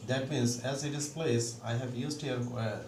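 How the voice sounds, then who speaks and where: A man's voice: medium pitch, fairly even intonation, measured pace, darkish tone. A man teaching a grammar lesson, explaining step by step and repeating each example sentence. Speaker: English teacher. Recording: roomy, distant mic with faint background noise.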